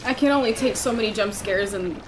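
A woman's voice: medium pitch, fairly quick, background noise. A woman giggling and exclaiming while playing a video game, chatting to the characters on screen. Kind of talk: let's-play commentary. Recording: voice over game music.

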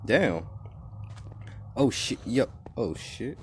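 Profane, excitable man with a lively voice. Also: medium pitch, drawn-out words, slightly rough. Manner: profane, excitable, trash-talking. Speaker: gaming YouTuber. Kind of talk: casual let's-play commentary. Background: game music.

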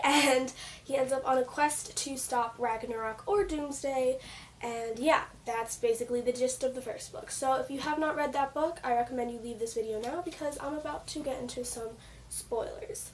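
A woman giving a casual book talk, gushing and rambling, her voice croaky as she loses it. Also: sits high, normal speed. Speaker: book reviewer. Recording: slightly distant mic with faint noise.

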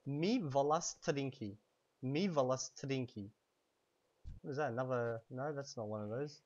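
A medium-pitched man, a little hoarse from a cold, teaches vocabulary in a casual, chatty way while playing a game at home, repeating each word slowly for his learners. The audio sounds dull, with steady background noise.

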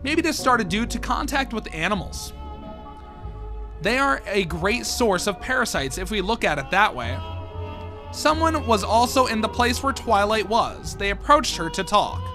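High-voiced man reacting while reading. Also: very animated, measured pace. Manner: casual, reacting aloud between reading. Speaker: YouTuber. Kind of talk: reading and reacting to a fan horror comic. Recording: music playing underneath.

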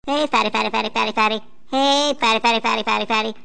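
A woman voicing a hyper, lonely child who talks too fast and gets giddy and taunting in a comedic character voice. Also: fairly high pitch, steady tone, creaky, bright, forceful tone, clear, resonant tone, heavily acted.

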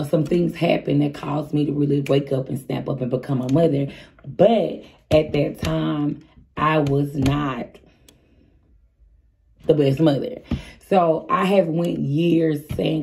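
This vlogger, a woman in her 30s, speaks in a low, creaky, mellow voice. She shares a storytime in a candid, chatty way, addressing her viewers directly.

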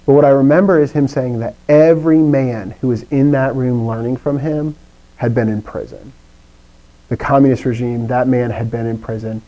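A man teaching a Greek class to students in a classroom, animated, with pitch swings and playful asides. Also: dull audio. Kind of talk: live classroom lecture.

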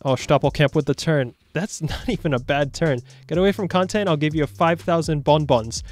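A young man giving jokey, animated commentary over his own football video game matches. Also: a little high, fairly quick, faint music behind. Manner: animated, jokey, shouts at big moments. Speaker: gaming YouTuber. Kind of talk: excited gameplay commentary.

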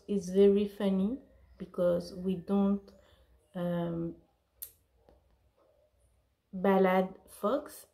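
Slow, halting woman with a mellow voice. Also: medium pitch, poor audio. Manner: halting, searching for words; apologetic. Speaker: vlogger. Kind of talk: casual haul video.

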